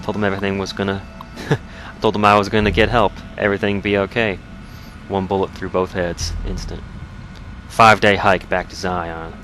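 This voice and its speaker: Man reading as a bitter lone survivalist: deep, clipped fragments, faint Southern drawl. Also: flat delivery, moderate pace, a bit bright, faint music behind, low-quality recording. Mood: grieving. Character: grieving lone male survivalist, hardened and bitter.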